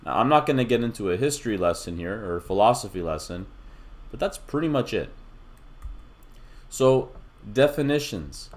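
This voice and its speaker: A middle-aged man with a somewhat low voice talks through a recorded math lesson. He is patient and explains things one step at a time, with relaxed, casual asides. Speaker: math instructor.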